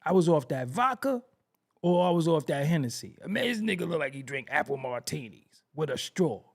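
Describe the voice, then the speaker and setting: A man's voice: fairly high pitch, sing-song, fairly quick. A man hosting a hip-hop commentary show, ranting brashly with profanity and frequent laughter. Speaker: host.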